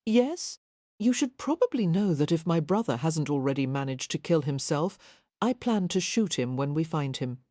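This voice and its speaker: A woman's voice: low-pitched, big pitch swings, moderate pace, warm tone, no room sound. Young Victorian lady, tense and determined, with a dry humour, put on by a woman. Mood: strained. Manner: strained, dryly joking.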